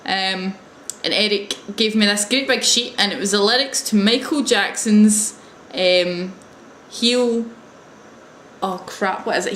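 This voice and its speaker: A woman's voice: medium pitch, slow pace, fairly bright tone, slight background noise. Chatty young woman, roomy sound. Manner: chatty, hesitant, wry storytelling. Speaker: English teaching assistant. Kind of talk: casual video diary. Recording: roomy echo.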